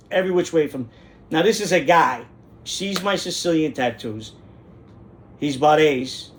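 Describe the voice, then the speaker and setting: A man, hosting and telling a street story in a brash, profane, animated way. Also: on the high side, slight background noise. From New York. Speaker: host. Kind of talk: casual storytelling monologue.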